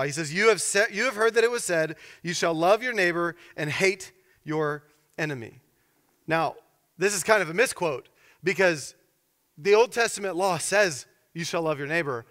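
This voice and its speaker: Male pastor, high voice, animated storyteller, sermon in a reverberant hall. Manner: animated storytelling, acts out characters.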